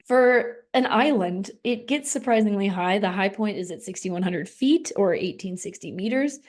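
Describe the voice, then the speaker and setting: A woman co-hosting a podcast in casual chat, relaxed, with many fillers. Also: medium pitch, normal speed. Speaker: podcast co-host.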